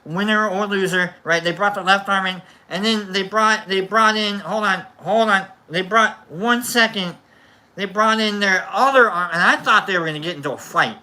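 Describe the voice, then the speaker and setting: The host of a relaxed chat show has a high, bright, forceful voice and a moderate pace. He rambles on, keeps restarting his thoughts and slips in jokes.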